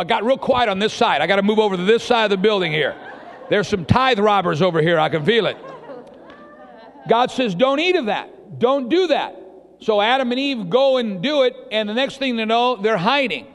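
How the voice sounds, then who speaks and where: A man preaching a lively sermon to his congregation, acting out the voices he quotes and often quizzing the listeners. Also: high-pitched, a little fast. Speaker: pastor. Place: church hall with long reverb. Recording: long hall reverb in a church.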